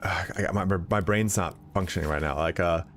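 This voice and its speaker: A young man chats through a game stream, sounding sleepy and rambling, peppered with "like" and swearing. His voice sits fairly low, with a faint hum of background noise. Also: normal speed, a bit bright. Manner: rambling, profane, heavy use of "like". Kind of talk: casual live-stream chat while gaming.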